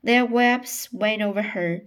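Slow-reading woman, prone to stumbles. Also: medium pitch, clean tone. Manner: reads slowly with frequent stumbles and restarts. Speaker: narrator. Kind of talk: reading a novel aloud.

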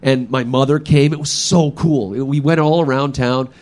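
A man's voice: mid-range voice, moderate pace. A man in his thirties telling a funny personal story live, laughing often and acting out his family. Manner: animated, laughing, acts out family members.

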